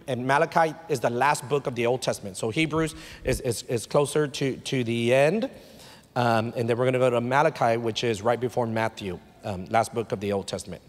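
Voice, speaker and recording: A male pastor gives a conversational sermon that rises into emphatic bursts. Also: medium pitch. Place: church sanctuary. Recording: live church hall reverb.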